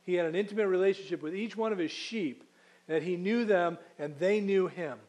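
Guy preaching a sermon, kinda higher voice, chatty, slows way down on the verses. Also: a little mellow. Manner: conversational preaching with restarts and rhetorical questions.

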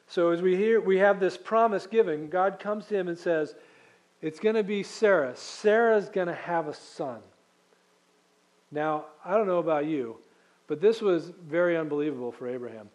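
A man's voice: high-pitched, a little mellow, highs cut off. A man preaching a sermon as pastor, reading scripture and explaining it in a conversational, emphatic way, asking the congregation questions.

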